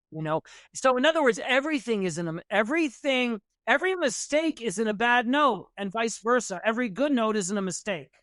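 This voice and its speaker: A man's voice: sits high, a bit bright, clear, resonant tone, dry recording. Jazz guy on a podcast rambling through a story, lots of restarts, dry close mic. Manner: rambling, restarts, many "you know"s. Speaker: podcast guest, jazz musician. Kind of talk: conversational storytelling.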